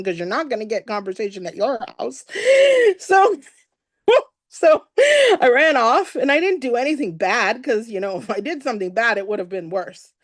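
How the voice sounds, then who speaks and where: A woman's voice: a little high, no echo, studio quality. Emotional woman telling her story on stage. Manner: emotional, animated storytelling with laughs and a breaking voice. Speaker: event speaker. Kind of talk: personal story told on stage.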